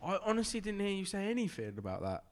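An English man co-hosting a casual podcast, laughing often and acting out shouted quotes. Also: high voice, huge pitch swings, fast. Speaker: podcast co-host. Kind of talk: casual banter.

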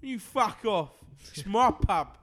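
A man voicing an aggressive, drunken male pub lout who shouts, swears and picks fights in a comic improvised bit. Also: sits high, lively intonation, slow pace, slight background noise, voice pushed up, exaggerated voice.

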